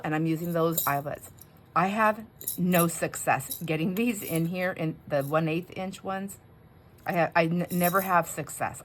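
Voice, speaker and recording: A woman's voice: low voice, slight background noise. A woman hosting a casual craft chat at home, talking in a rambling, chatty way with many fillers. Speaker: craft channel host.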